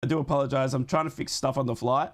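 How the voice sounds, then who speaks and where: A young man with a hoarse voice from a chest infection, hosting a live football watchalong, chatting to his viewers between calls on the match. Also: medium pitch, fairly even intonation, quick pace. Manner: chatty, talks to his live chat while fixing things on the fly. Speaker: watchalong host.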